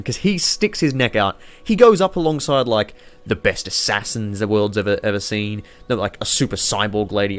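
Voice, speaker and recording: A man rambling excitably and swearing freely as he chats casually over a city-building game. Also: lowish voice. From Australia. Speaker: YouTuber playing a city-builder.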